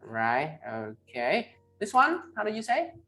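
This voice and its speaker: Man, Vietnamese accent, English teacher, online class, slow model pronunciation, tag questions, faint background music. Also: high-pitched, huge pitch swings, pushed and bright. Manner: ends phrases with tag questions "right?" and "huh?".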